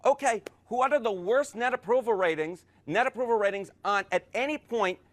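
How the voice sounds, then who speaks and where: A man giving a broadcast news data analysis, brisk and heavy on numbers, with playful asides to his co-anchor. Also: high-pitched.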